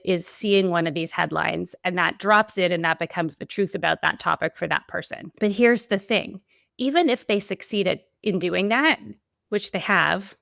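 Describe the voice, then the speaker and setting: A woman's voice: lowish voice, gravelly, fairly bright tone, dry recording, clean studio sound. A woman hosting a solo podcast, talking in an earnest, emphatic way with repeated build-ups. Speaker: podcast host.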